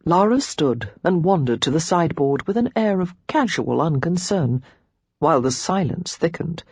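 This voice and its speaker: A woman reading a romance novel aloud as an audiobook narrator, giving each character a pitch and tone of their own. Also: animated, normal speed, darkish tone, husky, no room sound.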